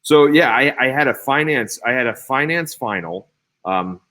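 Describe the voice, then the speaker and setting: A Cincinnati, Ohio man in his thirties who used to play baseball tells stories as a guest in a laid-back interview. He's animated, with lots of fillers and restarts, and speaks at a normal pace with a medium pitch.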